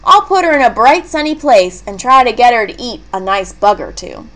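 A woman's voice: on the high side, lively intonation, normal speed, a bit bright, low-quality recording. A woman voicing a jolly older man who makes pizza in a storybook read-aloud, hearty and cheerful.

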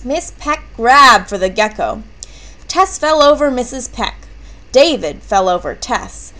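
Woman narrator for a kids' picture book, high and animated, unhurried. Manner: expressive, character voices with excited shouts. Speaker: reader. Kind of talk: children's book read-aloud.

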